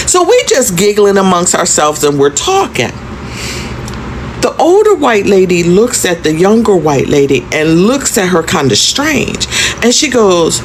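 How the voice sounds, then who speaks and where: A woman's voice: medium pitch, sing-song, unhurried, a little hiss or hum, poor audio. A woman in her fifties telling a storytime vlog in a conversational, emphatic way, often turning to ask the viewer questions. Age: 50s. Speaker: content creator.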